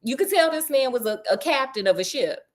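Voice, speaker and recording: A woman casually retelling a story with sassy, slangy remarks and deadpan asides. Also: sits high, fairly quick.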